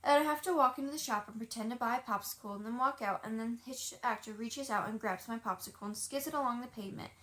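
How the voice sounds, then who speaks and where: A woman reading a children's audiobook aloud in a chatty, lively first-person voice. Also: fairly high pitch, quick pace, few pauses. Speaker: audiobook reader.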